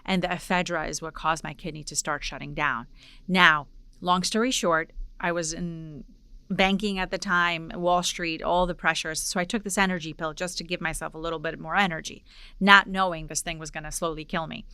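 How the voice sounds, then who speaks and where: A woman in her forties from Poland, hosting a podcast and telling a personal story in a lively way, acting out the dialogue. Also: fairly low pitch, moderate pace, clean tone, no room sound. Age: 40s. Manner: animated storyteller, acts out dialogue. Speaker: podcast host. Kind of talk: casual interview storytelling.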